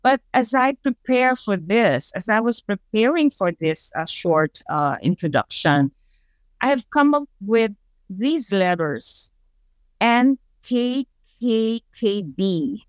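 A woman's voice: medium pitch, big pitch swings, slow, dry recording. A woman with a Filipino accent giving a webinar presentation, telling stories and leading the audience in call-and-response syllables. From Philippines.

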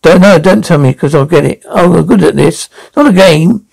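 A woman's voice: on the low side, a little fast, gravelly, darkish tone, breathy edge, full character voice, low-quality recording. A woman playing a brash, foul-mouthed elderly nan who heckles and taunts everyone, for a TV sketch. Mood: mocking. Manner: heckling, taunting, name-calling. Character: brash foul-mouthed old London nan, rude and cheeky. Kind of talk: TV sketch comedy acting.

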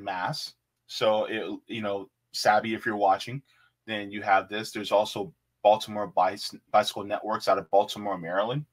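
A man's voice: on the low side, fairly bright tone. A man hosting a casual livestream, chatting with viewers, reading web pages aloud and laughing easily. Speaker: livestream host.

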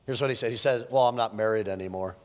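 A man's voice: lowish voice, fast, big-room sound. A man preaching a sermon as pastor, moving from a casual story to fervent exhortation. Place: large church hall.

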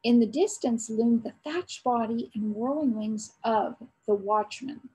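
A woman's voice: fairly high pitch, a little mellow, low-quality recording. A woman, an aunt, reading a chapter book aloud to her nieces and nephews, stopping now and then to quiz them. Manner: storytelling, pausing to quiz listeners.

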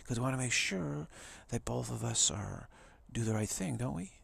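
A man, a spiritual teacher, giving a reflective talk in a musing, soft way, sometimes dropping into a whisper. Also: medium pitch, expressive, moderate pace, gravelly, husky.

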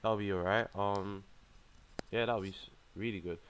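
A young man, giving a casual running commentary as he plays a mobile game, reacting in an exasperated, excitable way with plenty of slang. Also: fairly low pitch, normal speed, noisy background. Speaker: gaming channel host.

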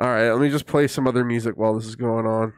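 A man's voice: medium pitch, steady tone, fast talker, over music. A man streaming live, reacting to a video with laughs, profanity and mocking asides. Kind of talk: casual live-stream commentary.

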